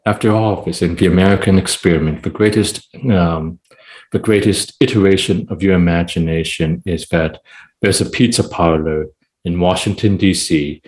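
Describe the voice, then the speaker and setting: Low-voiced man rambling animatedly. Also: moderate pace. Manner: rambling, animated, heavy use of "it's like, you know". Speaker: poet, podcast guest. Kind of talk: casual podcast chat.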